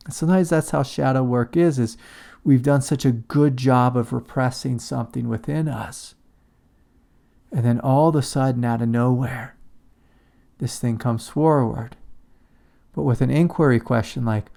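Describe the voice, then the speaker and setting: A man giving a calm, reflective spiritual talk as a teacher. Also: medium pitch, normal speed, vocal fry. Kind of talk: satsang talk on shadow work.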